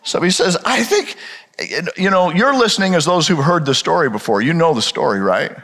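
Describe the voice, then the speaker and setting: A man's voice: a little high, lively intonation, fairly quick, a bit bright. A male pastor preaching a sermon with dramatic storytelling and rhetorical questions. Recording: reverberant hall.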